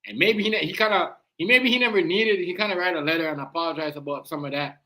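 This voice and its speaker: A man's voice: on the high side, fast, sharp tone. A man with a Jamaican accent hosting a livestream, giving casual reaction commentary in a slangy, emphatic way that keeps circling back with "you know what I mean".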